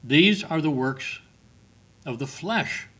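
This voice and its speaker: A man's voice: a little high, expressive, takes it slowly, a bit bright, breathy edge. A middle-aged man preaching a sermon, emphatic, repeating words and reading scripture aloud.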